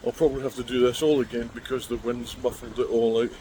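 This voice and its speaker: A man's voice: mid-range voice, little pitch movement, quick pace, rough recording. A Scottish man chatting casually and swearing a bit in a road-trip vlog, a little tired, outdoors and then in a car. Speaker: vlogger. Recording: loud wind and road noise.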